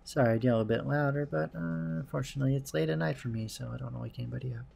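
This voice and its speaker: Gravelly guy reading a visual novel out loud, dry and wry. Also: medium pitch, fast talker. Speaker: let's play host.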